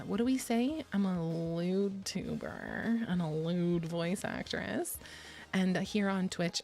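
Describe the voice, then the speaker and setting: A woman hosts a laid-back stream, rambling and giggling as she pokes fun at herself. Her voice sits at an ordinary middle pitch, close to a desk mic. Soft music plays faintly behind her. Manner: rambling, giggly, self-deprecating. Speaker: VTuber streamer. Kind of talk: casual chat stream.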